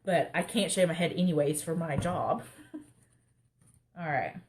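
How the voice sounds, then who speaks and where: Her voice sits low and she speaks slowly. She's a young craft livestream host who rambles and chats through the session, making jokes at her own expense over faint background noise.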